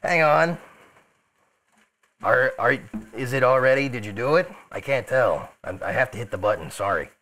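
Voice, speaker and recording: A man's voice: medium pitch, expressive, moderate pace, long pauses, a bit bright, low-quality recording. Columbo, as a man puts him on while cooking. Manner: rambling, muttering asides to himself. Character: rumpled Italian male TV detective, mild and rambling. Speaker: streamer cooking chili in character. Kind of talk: live cooking stream, in character.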